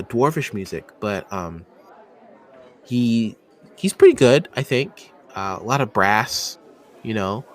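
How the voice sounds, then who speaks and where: A man's voice: medium pitch, pitched above the performer's own voice. A man voicing an awkward, nervous young man who stammers and hesitates. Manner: stammering, hesitant, many fillers.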